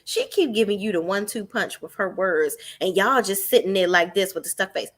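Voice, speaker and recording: A woman talks straight to her viewers, recapping reality TV. She is sassy and profane and mocks the cast without holding back. Her pitch leaps around with a lot of life. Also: lively intonation, fairly quick, a bit bright. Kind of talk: unscripted live recap.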